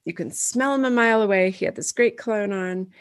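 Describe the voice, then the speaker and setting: A woman's voice: mid-range voice, brisk, no room sound, clean studio sound. A woman co-hosting a podcast over a video call, telling stories in casual chat and talking around a dental retainer. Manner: chatty storyteller, talks through a dental retainer. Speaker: podcast co-host.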